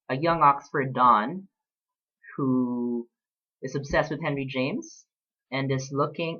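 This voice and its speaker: A man in his late twenties speaks in a casual personal vlog, thoughtful and unhurried, with frequent pauses and fillers. His voice sits at an ordinary middle pitch. The recording sounds a little dull and lo-fi. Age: late 20s. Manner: reflective, talks about books with pauses and fillers. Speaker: vlogger.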